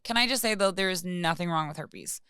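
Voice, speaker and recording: A woman's voice: lowish voice, a little fast, fairly bright tone, clear, resonant tone, dry recording, clean studio sound. A young woman talking frankly and with passion on a casual podcast, swearing freely. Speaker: podcast co-host or guest.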